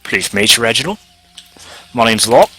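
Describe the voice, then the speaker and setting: A man's voice: mid-range voice, lively intonation, normal speed, bright, forceful tone, husky, soft background music. A man playing his character at a tabletop game, jovial and easygoing. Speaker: player. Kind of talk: tabletop role-play, casual.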